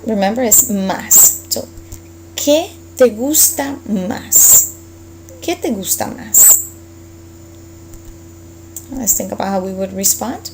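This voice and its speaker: A woman teaching a Spanish lesson, explaining grammar patiently step by step and slowing down for each example phrase. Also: medium pitch, creaky, a little mellow, a little hiss or hum, poor audio.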